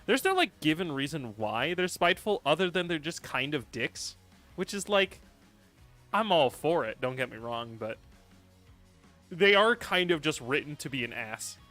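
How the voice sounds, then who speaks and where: A man chats loosely on a livestream, rambling and joking with plenty of laughs and fillers, his pitch swinging widely. His voice has a bright, forward edge, and soft music runs quietly under him. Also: big pitch swings, moderate pace. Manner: reads and answers viewer chat. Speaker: streamer. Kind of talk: casual livestream chat.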